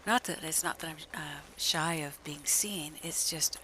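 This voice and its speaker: A woman in her late fifties, streaming a game and chatting in a soft, half-whispered, slow and gentle way. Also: sits low, slight background noise, poor audio. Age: 50s. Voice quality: even, gentle delivery. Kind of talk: casual chat while gaming.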